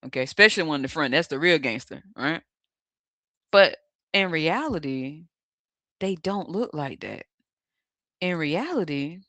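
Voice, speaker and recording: Mocking, animated host, cursing freely. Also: medium pitch, dry recording. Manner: mocking, laughs often, coarse slang. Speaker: tarot channel host. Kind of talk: profane mocking commentary over images.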